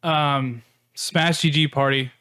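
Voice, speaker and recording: A man's voice: a little high, fairly even intonation, takes it slowly, pushed and bright, smooth. A man co-hosting a podcast, telling a rambling story with many fillers in casual chat. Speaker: podcast co-host.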